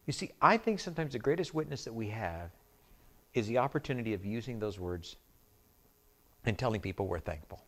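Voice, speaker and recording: A man's voice: on the low side, lively intonation, brisk, pauses often. A male pastor preaching a conversational sermon, calling out to the congregation to check they follow. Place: church sanctuary.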